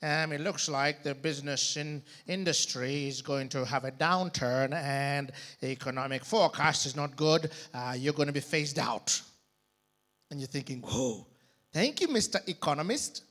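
A man's voice: mid-range voice, fairly even intonation, moderate pace, a bit bright. A man preaching a sermon, dramatic and calling on the congregation to repeat after him. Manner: dramatic, calls for congregation response.

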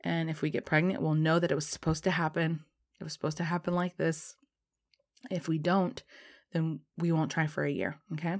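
A woman vlogger telling a personal story in a casual, animated way, swearing and laughing as she goes. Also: low voice, a little fast.

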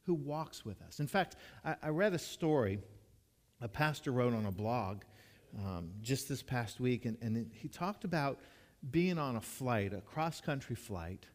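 A man's voice: medium pitch, lively intonation, measured pace. A man preaching a conversational sermon as a pastor, earnest and storytelling, often restarting and repeating his words. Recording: long reverb of a large hall.

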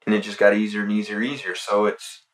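Soft-spoken low-voiced man, off-mic. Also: monotone, fast, distant mic. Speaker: podcast guest. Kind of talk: casual podcast conversation.

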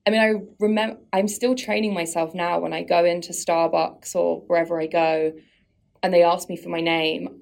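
A woman's voice: on the low side, flat delivery, normal speed, creaky, darkish tone. A woman guest on a podcast, talking candidly and reflectively about her own life in a casual conversational way, often laughing at herself.

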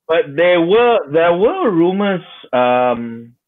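A man co-hosting a casual film chat, often repeating words and pausing with fillers while he thinks. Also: fairly high pitch, big pitch swings, narrow, tinny audio. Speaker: podcast co-host.

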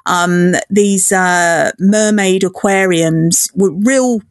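A woman's voice: on the low side, drawn-out words, no room sound, studio quality. A woman talking in a casual interview, bubbly and enthusiastic, often breaking into giggles. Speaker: podcast guest, festival organizer.

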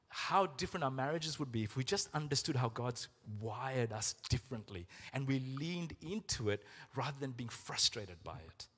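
A middle-aged man preaching a sermon as pastor, earnest and emotional, slowing down for emphasis. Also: medium pitch, fairly bright tone. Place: church. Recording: reverberant church hall with music.

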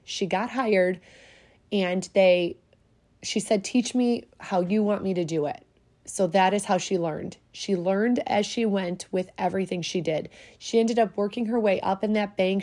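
Emotional woman podcast host, mellow voice. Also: mid-range voice. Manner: heartfelt, emotional, getting choked up. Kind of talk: personal tribute monologue.

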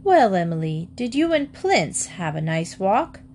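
A patient, good-humored farm mother , read by a woman narrator, in a children's audiobook. She speaks calmly, with gentle amusement, at a mid-range pitch. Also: unhurried, slight background noise. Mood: amused.

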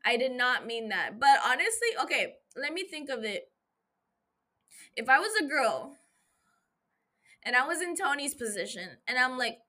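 A young woman hosts a podcast, recapping an episode into a mic in a casual, profane, jokey way, constantly interrupting herself with asides. Her voice is high and sharp, with big pitch swings, a moderate pace and frequent pauses.

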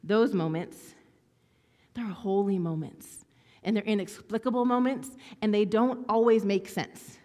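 A woman preaching a sermon from a church stage, telling stories with lively swings between hushed whispers and bright exclaiming. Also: mid-range voice, unhurried, big-room sound.

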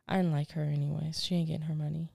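Gravelly low-voiced woman telling a blunt story. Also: fast, dry recording, clean studio sound. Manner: animated, blunt storyteller who swears and laughs at herself. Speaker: podcast co-host. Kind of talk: casual chat.

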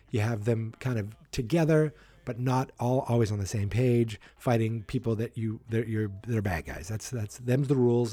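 A man's voice: lowish voice, dark tone, husky, dry recording. A man hosting a casual solo wrestling prediction podcast, rambling, correcting himself and thinking aloud as he talks.

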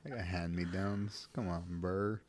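A man's voice: sits low, fairly even intonation, a little slow, darkish tone. A man hosting a podcast, chatting casually with a rambling, joking manner and frequent laughs. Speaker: podcast host. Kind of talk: casual chat.

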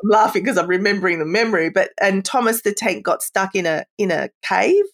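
Middle-aged woman, parenting-expert guest; warm, explanatory, chatty delivery at an average pitch. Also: brisk. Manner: warm, explanatory, with frequent "you know" and light laughs. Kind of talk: conversational podcast interview.

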